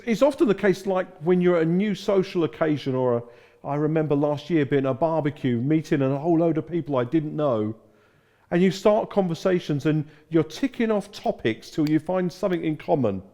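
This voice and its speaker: A man's voice: fairly high pitch, mellow. A middle-aged man from England preaching a sermon, telling stories and acting out the quotes. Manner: storytelling with acted-out quotes. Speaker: pastor.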